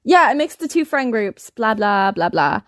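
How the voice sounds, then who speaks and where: A woman's voice: on the high side, sing-song, normal speed, no room sound, studio quality. A young woman in her twenties co-hosting a podcast, rambling through a story in casual chat and laughing often. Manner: giggly, rambling, laughs often mid-sentence. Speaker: podcast co-host telling a story.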